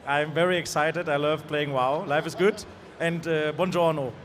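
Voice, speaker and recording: A man's voice: a little high, steady tone, moderate pace, fairly bright tone, a little hiss or hum. A man competing at a game event, bantering and joking. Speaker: game contestant. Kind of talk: casual banter.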